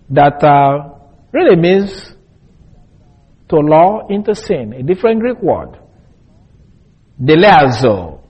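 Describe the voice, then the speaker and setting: A male Bible teacher giving a deliberate expository lesson and spelling out Greek words letter by letter. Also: fairly high pitch, breathy edge, muffled recording.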